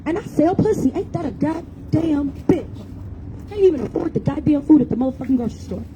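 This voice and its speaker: A woman's voice: high voice, animated, fairly quick, noisy background. A woman giving an impassioned rally speech outdoors, blunt and profane, with mocking jokes. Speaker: rally speaker. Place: outdoor public rally in a city square.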